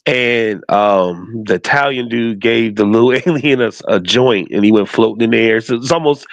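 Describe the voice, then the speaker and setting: A man in his forties chatting casually on a podcast, voice pitched in the middle of the range. He rambles, with lots of fillers and asides. The sound is close and dry. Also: dry recording. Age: 40s. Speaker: podcast co-host. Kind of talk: casual chat.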